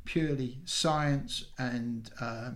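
A man's voice: medium pitch, steady tone. Chatty man co-hosting a podcast. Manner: chatty, halting with fillers and restarts. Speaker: podcast co-host. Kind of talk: casual chat.

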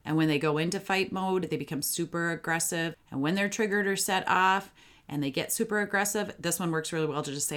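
A woman's voice: deep voice, fairly bright tone. A woman hosting a parenting podcast who gives solo advice in a chatty, upbeat way and talks straight to her listeners.

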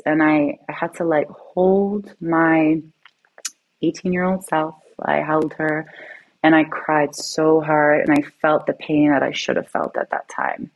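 Interview guest, woman, very low voice, earnest and reflective, personal storytelling. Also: poor audio.

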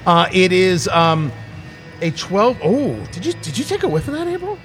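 A man's voice: high voice, sing-song, moderate pace, fairly bright tone, soft background music. A middle-aged man hosting a casual tasting chat, rambling and restarting his sentences with a joking tone. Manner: rambling, self-interrupting, jokey. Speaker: podcast host.

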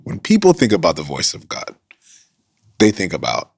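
Low gravelly preaching man. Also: very animated, moderate pace, dry recording, studio quality. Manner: earnest preaching, drops to whispers for emphasis. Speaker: pastor. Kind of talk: sermon.

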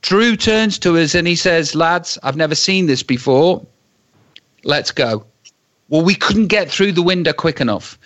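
A man telling a comic story with dramatic pauses and acted-out quotes. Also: on the high side, animated, a bit bright.

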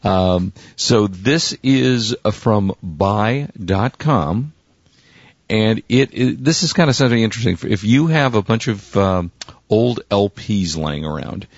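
A man co-hosting a casual radio tech show, pitching products in a relaxed, rambling way, his voice worn out from cheering. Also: unhurried, dry recording, muffled recording.

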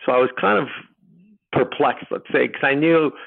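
A middle-aged man telling his personal story as a podcast guest, rambling and halting with many restarts. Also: medium pitch, vocal fry. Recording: tinny phone line.

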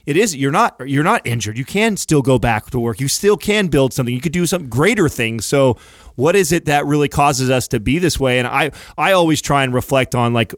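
A man's voice: medium pitch, lively intonation, brisk, no echo, clean studio sound. A man in a candid podcast talk, speaking earnestly and reflectively and swearing casually. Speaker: podcast host.

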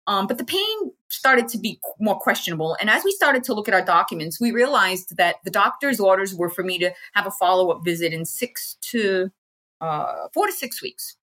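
A woman's voice: mid-range voice, expressive, normal speed, bright, forceful tone. An American woman, an interview guest, chatting frankly and casually about a personal experience and acting out what people said to her. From United States.

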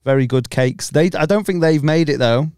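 A man's voice: on the high side, moderate pace, darkish tone, clean tone, no room sound, clean studio sound. A man, co-hosting a comedy podcast, bantering crudely and laughing often. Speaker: podcast co-host. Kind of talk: casual comedy podcast chat.

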